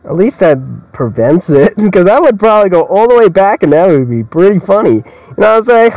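Young dude rambling over a game, kinda high voice, swears and laughs a lot, dead dry close mic. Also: male voice, big pitch swings, fairly quick, a little mellow, no echo, poor audio. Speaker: gamer. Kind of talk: casual let's-play commentary.

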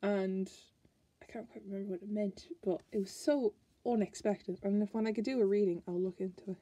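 A woman's voice: medium pitch, fairly even intonation, a little fast, mellow, lo-fi sound. An Irish woman chatting casually as she flips through a card deck, musing aloud and restarting her sentences. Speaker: tarot card reviewer.

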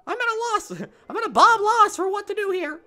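Synthetic woman's voice for a shrill, earnest game villager, solemn scripted lines, bouncy contour. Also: big pitch swings, a little fast, pushed and bright, exaggerated voice. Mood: worried. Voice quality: synthetic speech voice. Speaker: game character. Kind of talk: video game dialogue.

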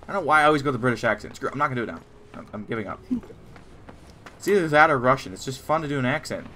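A man chats casually while playing a shooter, trading playful jokes with a friend. His voice is bright and forward at a middle pitch. A faint hiss sits under the recording. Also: expressive, rapid-fire. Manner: joking, playful banter. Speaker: let's play host. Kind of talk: casual gameplay chat.

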